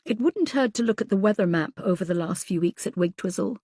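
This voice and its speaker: A woman narrating a calm male pathologist who explains things step by step in an audiobook. Dry, close sound with no room echo. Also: medium pitch, close to an everyday voice. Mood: measured. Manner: measured, explanatory.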